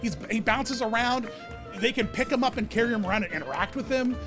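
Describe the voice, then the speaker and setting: A man's voice: very high-pitched, a little fast, over music. A man vlogging about theme park characters, talking casually and gushing with enthusiasm. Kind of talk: casual ranking commentary.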